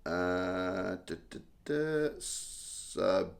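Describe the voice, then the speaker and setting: A man's voice: deep voice, animated, very slow, gravelly. A young man hosting a casual live stream, chatting and joking as he reads out viewer comments. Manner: chatty, self-mocking, reads viewer names aloud.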